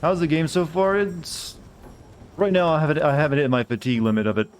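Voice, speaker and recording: A man's voice: a little high, steady tone, fairly quick, clear, resonant tone. A man from the United States streaming a video game. He chats in a rambling way with sarcastic, griping asides. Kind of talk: casual gameplay commentary.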